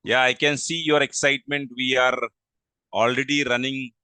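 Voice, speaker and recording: A man hosting a live online training session on a video call, speaking politely and haltingly and thanking attendees. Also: medium pitch, level tone, sharp tone, smooth, no room sound, poor audio. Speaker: webinar host and training manager. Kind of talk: live online class introduction. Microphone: video call microphone.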